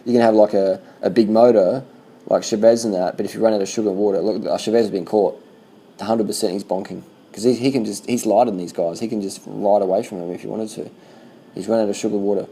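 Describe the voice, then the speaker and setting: A man casually commenting on bike race footage as a vlogger, swearing freely and talking in loose animated bursts. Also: on the low side, quick pace, breathy edge, poor audio.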